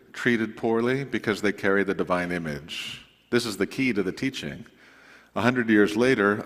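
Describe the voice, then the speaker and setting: A man preaching to his congregation in a relaxed, conversational way, with asides to the listeners. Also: lowish voice. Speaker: pastor. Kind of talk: sermon announcements. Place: church sanctuary. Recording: long reverb of a church sanctuary.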